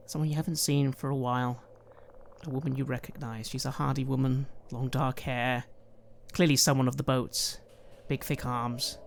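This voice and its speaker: A man narrating a tabletop game as game master, calm and descriptive. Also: mid-range voice, creaky, slight background noise. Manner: calm, descriptive, softening for emotional moments.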